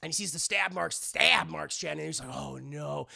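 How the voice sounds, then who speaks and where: A young man recapping a movie scene by scene to his live chat, excitable and profane, full of fillers. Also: a little high, fairly quick, vocal fry. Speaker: livestreaming film reviewer.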